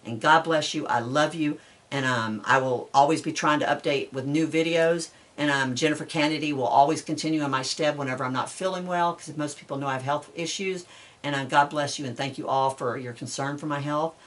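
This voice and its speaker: A woman's voice: sits low, a little fast. A woman talking to her supporters in an advocacy vlog, earnest and urging, with a heartfelt way of speaking. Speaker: animal welfare advocate. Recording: voice a bit distant from mic.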